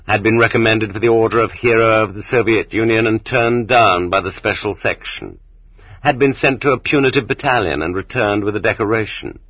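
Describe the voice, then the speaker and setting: A man narrating an audiobook in a steady, measured reading voice, recorded on dull cassette tape. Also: fairly low pitch, breathy edge, dry recording. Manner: steady, measured reading that rises sharply for quoted shouts. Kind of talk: scripted narration.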